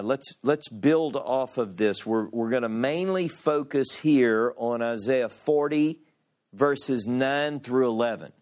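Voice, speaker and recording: A man teaching a scripture class, who reads passages aloud with dramatic emphasis and then explains them in a loose, conversational way with frequent restarts. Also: medium pitch. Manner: slow and deliberate, with frequent restarts. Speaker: Bible teacher.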